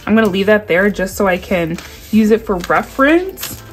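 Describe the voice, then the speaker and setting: A woman in her thirties talks straight to her viewers in a loose, chatty unboxing style, gushing and excitable, with pitch that sits in the middle range. Faint music plays softly behind her. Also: moderate pace. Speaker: budgeting vlogger. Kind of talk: casual unboxing chat.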